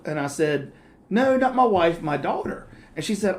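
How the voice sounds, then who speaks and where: A man's voice: sits high, very animated. A middle-aged man co-hosting a casual podcast, telling stories with a joking, teasing manner. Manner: joking, teasing, quick asides. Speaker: podcast co-host. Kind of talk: casual chat, storytelling.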